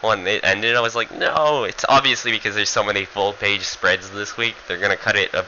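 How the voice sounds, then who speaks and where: A man's voice: lowish voice, steady tone, a little fast, bright, forceful tone, dull audio, slight background noise. A man giving a casual, rambling manga review, full of fillers and swearing.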